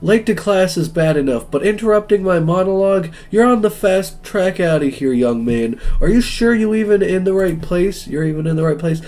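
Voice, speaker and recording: A pompous male dog professor who orates like every word is historic, as a man puts him on. The voice sits high and loud above a mellow base, with faint music in the background. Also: expressive, normal speed, close to an everyday voice. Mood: scolding. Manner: theatrical, booming speechmaking.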